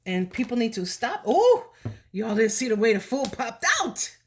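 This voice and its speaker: A woman's voice: on the high side, moderate pace, slight background noise. A woman doing a casual, emotional tarot reading for her viewers, chatty and slipping in Spanish words. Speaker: tarot reader.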